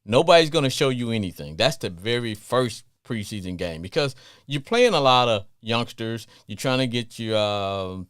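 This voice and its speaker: A middle-aged man with a Southern accent hosting a casual sports talk radio show, playful and animated. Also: medium pitch, moderate pace, smooth, no echo, clean studio sound. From Southern US, family from Louisiana. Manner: animated, playful, breaks into song snippets.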